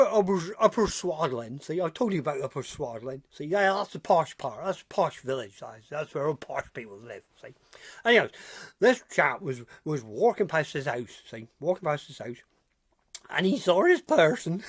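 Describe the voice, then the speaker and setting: A woman's voice: mid-range voice, dry recording, studio quality. A woman telling village gossip in a rambling comic monologue, chuckling through her stories and repeating "see?" and "oh, dear me". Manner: rambling, with restarts and repeated phrases. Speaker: village news storyteller.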